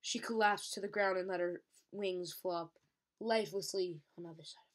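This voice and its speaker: Lady reading a book chapter out loud, steady, fixes her own stumbles. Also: fairly low pitch, moderate pace. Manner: steady, occasional slips and self-corrections. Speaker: reader. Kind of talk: reading a novel aloud.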